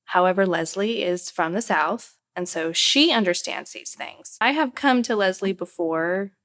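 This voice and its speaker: A woman's voice: medium pitch, measured pace, fairly bright tone. A woman co-hosting a casual podcast chat, curious and chatty as she reads items aloud to quiz her co-host.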